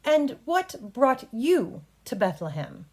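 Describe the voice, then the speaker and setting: A woman voicing an earnest male defense attorney in a courtroom play, with slow, deliberate and formal delivery. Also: high-pitched, sing-song, a little mellow, pitched above the performer's own voice, heavily acted.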